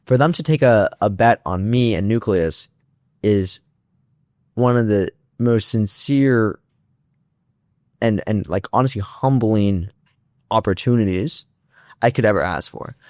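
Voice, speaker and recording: A man's voice: lowish voice, a little mellow, dry recording, studio quality. A young man, a startup founder, casually telling a story in an interview, acting out both sides of phone calls with lots of restarts and fillers.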